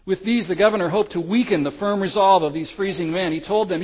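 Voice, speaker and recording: Dramatic male pastor, fairly high voice. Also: fairly quick, slightly rough, low-quality recording. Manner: dramatic, swings from loud cries to hushed lows. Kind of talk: sermon storytelling.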